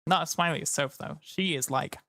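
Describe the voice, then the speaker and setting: A man's voice: fairly high pitch, brisk, gravelly, sharp tone, dry recording, clean studio sound. A tired man chatting casually to his live-stream audience, rambling and joking. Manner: rambling, jokey, slips into silly voices. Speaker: livestreamer.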